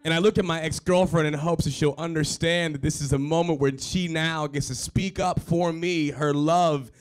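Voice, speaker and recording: A man in his thirties telling an emotional personal story on stage at a live storytelling show, self-mocking, with excited bursts. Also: a little high, normal speed, clear, resonant tone.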